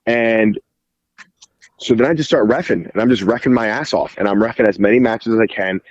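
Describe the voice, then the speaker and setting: A man guesting on a podcast, telling an animated story in casual speech full of "like" fillers and casual swearing. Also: on the low side, fairly quick, dry recording, lo-fi sound. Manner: animated, heavy "like" fillers, acts out quoted dialogue, swears casually. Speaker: podcast guest, jiu-jitsu referee.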